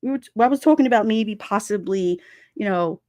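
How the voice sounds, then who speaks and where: This mother hosts a livestream in a relaxed way, voicing viewer comments, laughing often and putting on quoted voices. She speaks at medium pitch, fairly quickly, with a mellow sound, captured cleanly in a studio without echo.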